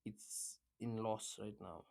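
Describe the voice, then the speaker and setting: A man's voice: lowish voice, steady tone, slow, creaky, mellow. A man delivering a casual, repetitive motivational rant about trading, blunt and full of swearing. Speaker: trading content creator.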